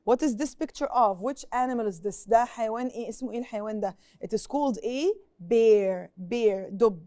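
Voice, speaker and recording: A woman's voice: fairly high pitch, very fast, warm tone, no room sound, clean studio sound. A young Egyptian woman teaching an English lesson on TV, asking pupils questions and repeating each point in Arabic. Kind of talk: TV classroom lesson.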